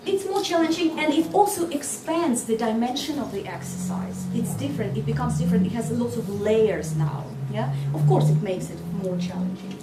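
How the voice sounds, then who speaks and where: A woman training teachers in a workshop lecture, lively and constantly quizzing her audience with quick questions. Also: a little high. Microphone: distant mic. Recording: echoey hall from far off, noisy.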